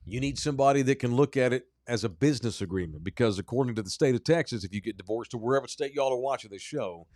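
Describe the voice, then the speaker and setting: A man's voice: medium pitch, expressive, fast talker, darkish tone, dry recording, clean studio sound. A man hosting a sports podcast, chatting casually and rambling in a self-deprecating way. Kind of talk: casual chat.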